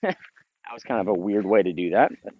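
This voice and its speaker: A man's voice: lowish voice, normal speed, dull audio. A middle-aged man training a retriever outdoors in a field, explaining the drill and calling short upbeat commands to the dog. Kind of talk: outdoor training video with commentary.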